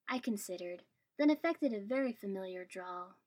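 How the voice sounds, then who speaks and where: A woman's voice: medium pitch, animated, normal speed, a little mellow. A woman reading a first-person story aloud in a dry, wry tone. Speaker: story reader.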